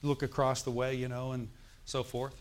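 A man's voice: medium pitch, flat delivery, moderate pace. A middle-aged male pastor preaching a sermon in a church, telling a story with emphatic bursts.

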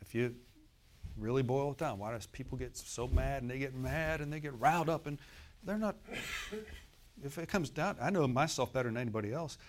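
A man, a pastor, preaching a sermon in a folksy way, speaking straight to the congregation and swinging from loud emphatic bursts to soft murmured asides. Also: mid-range voice, normal speed, slight background noise.

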